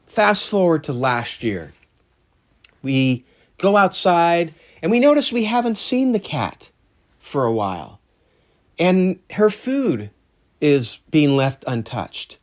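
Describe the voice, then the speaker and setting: A middle-aged man casually telling a long personal story while he draws, conversational and rambling with frequent fillers and restarts. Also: on the high side. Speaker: art channel host.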